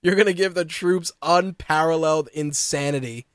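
A man co-hosting a casual wrestling podcast, talking in an animated, profane way and mocking what he quotes. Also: a little high, moderate pace, clear, resonant tone, no echo, studio quality. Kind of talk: casual chat.

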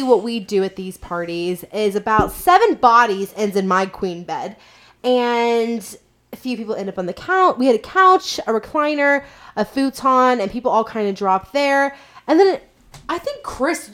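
Young woman, casual podcast storyteller, expressive pitch, loose and profane. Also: normal speed. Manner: lively storyteller, swears casually. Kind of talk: casual chat.

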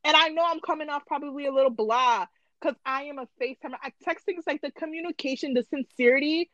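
A woman co-hosting a podcast in casual chat, slangy and animated, making long points. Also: sits high, fast talker, dry recording, highs cut off. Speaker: podcast co-host.

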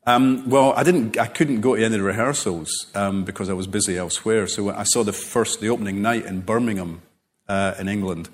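A man being interviewed as a novelist, telling rambling, animated stories full of self-corrections. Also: fairly low pitch, a little fast. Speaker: novelist guest. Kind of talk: relaxed conversational interview.

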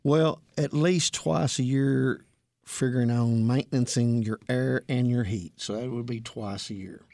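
A plainspoken man with a Southern accent speaks as a radio guest, his voice gravelly with steady fry. He fills his answers with ums and folksy grammar. The studio sound is close and dry. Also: mid-range voice, measured pace, dry recording. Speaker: HVAC technician guest.

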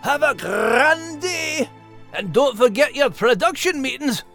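A man voicing a prim, cheerful female animal who co-hosts a podcast, gently teasing in a genteel manner. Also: very high voice, animated, a little slow, creaky, faint music behind, voice pushed up, exaggerated voice. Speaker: podcast co-host.

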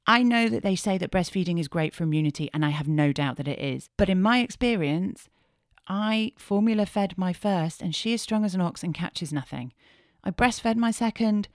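A woman in her thirties hosts a candid podcast in a low voice. She swears freely and moves from hushed asides to animated bursts. The sound is close and dry. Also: normal speed, no echo. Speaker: podcast host.

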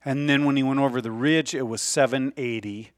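A man in a relaxed conversation adds short corrections and figures between the others' talk. His voice is mid-pitched, recorded close and dry. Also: fairly quick, no room sound. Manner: chimes in with corrections and details. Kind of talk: casual chat.

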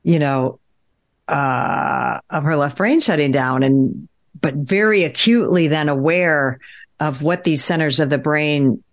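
A woman with a low voice chats on a podcast. She tells a long, winding story, stopping and restarting often and filling gaps with small words. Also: unhurried. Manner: rambling, animated storytelling with many fillers. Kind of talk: podcast conversation.

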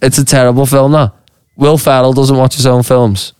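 A man tells a pub story on a podcast, animated and swearing freely, slipping into quick voices for the people in it. His tone is smooth and resonant. The sound is close and dry, with no room around it. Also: mid-range voice, no room sound. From Liverpool, England. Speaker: podcast co-host. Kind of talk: casual chat, storytelling. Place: podcast studio.

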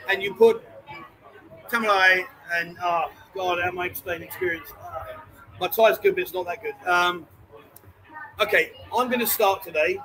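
A man's voice: sits high, fairly even intonation, moderate pace, sharp tone, low-quality recording. Chatty man hosting a bar live stream. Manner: chatty, jokey, calls people mate and darling. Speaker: host. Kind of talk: casual live-stream chat.

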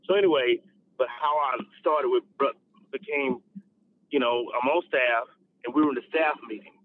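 A man, an associate pastor, tells his personal testimony in an animated way, often repeating and restarting his words. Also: mid-range voice, normal speed. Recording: dry, phone-like narrow sound.

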